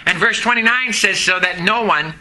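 Preacher, male, very high and piercing voice, emphatic, quizzes the congregation. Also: normal speed, a little hiss or hum, low-quality recording. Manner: emphatic, questions the congregation, rises to shouting. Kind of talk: sermon. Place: church service.

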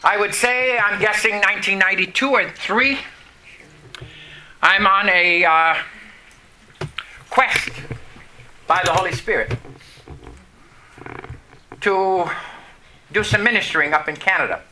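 A middle-aged man preaches with a high, very bright and ringing voice. He reads scripture and calls out to the congregation, pausing for effect and dropping low on key phrases. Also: slight background noise. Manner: preaching with call-and-response, dramatic pauses and drops in pitch. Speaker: pastor. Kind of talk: sermon.

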